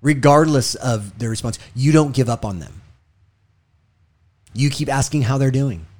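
A man who was a hostage negotiator, giving a motivational talk. He is emphatic and repeats himself, rising when telling stories and dropping low and quiet on key lessons. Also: a little slow.

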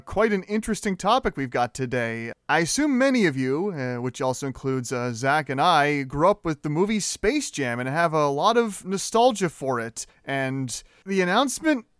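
A young man hosting a movie review podcast, talking in a casual, animated and opinionated way with frequent fillers. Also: fairly high pitch, normal speed, hardly any pauses, clean tone, dry recording, studio quality. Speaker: podcast host.

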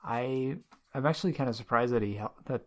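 A man co-hosting a casual comic book podcast with dry, deadpan quips. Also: mid-range voice, a little fast. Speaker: podcast co-host.

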